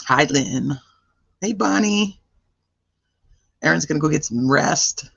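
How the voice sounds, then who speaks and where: Male true-crime streamer with a cold, raised pitch, animated chatty delivery, dry dull home-stream sound. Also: slow, vocal fry, husky, dry recording. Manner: chatty and animated, rattling off greetings. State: voice roughened by a cold. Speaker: true-crime livestream host. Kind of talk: casual livestream chat, greeting viewers by name.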